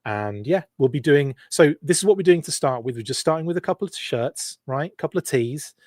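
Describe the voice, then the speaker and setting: A man's voice: fairly high pitch, animated, fairly quick, a little mellow, dry recording, clean studio sound. A man hosting a podcast live stream, chatting casually and self-deprecatingly as he reads out viewer comments and laughs often. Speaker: podcast host.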